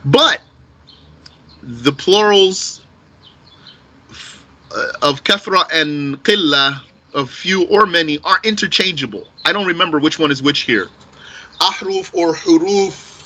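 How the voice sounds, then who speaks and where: A man's voice: fairly high pitch, takes it slowly, long pauses, pushed and bright, poor audio. A man teaching an Arabic grammar class, thinking aloud as he answers questions and mixing in Arabic phrases. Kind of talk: live online class answering student questions.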